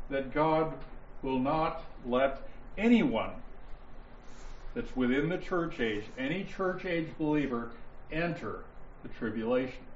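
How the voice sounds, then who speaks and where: A man teaching a Bible study class, explaining points deliberately and stressing key words, with listeners answering him. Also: a little high, slight background noise. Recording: roomy, dull lo-fi sound with faint ambience.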